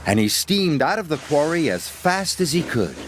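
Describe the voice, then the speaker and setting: A man narrating a children's storybook in an expressive, measured way. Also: fairly high pitch, noisy background. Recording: loud music under the voice.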